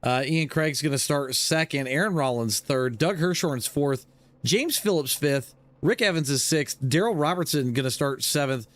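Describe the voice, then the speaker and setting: Male host for live sim racing coverage, fairly high voice, relaxed and jokey, plenty of ums. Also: moderate pace, no room sound. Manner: easygoing, joking, lots of filler words. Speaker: race broadcast host.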